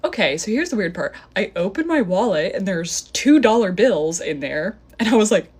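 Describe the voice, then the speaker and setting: A young woman recounts a strange date in a casual storytime, talking straight into her phone. Her delivery is chatty and loose, full of "like", and she acts out what each person said. Her pitch sits at an ordinary middle height for a woman. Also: sing-song, normal speed, a little mellow, breathy edge. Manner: chatty, filler-heavy retelling with acted-out quotes.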